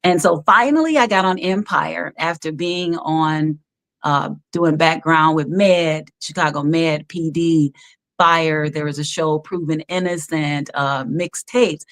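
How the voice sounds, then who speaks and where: A woman guest on a live-streamed video call, telling stories animatedly with frequent laughs and fillers. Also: deep voice. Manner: animated storyteller, quick to laugh, many fillers. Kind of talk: casual interview over a live stream.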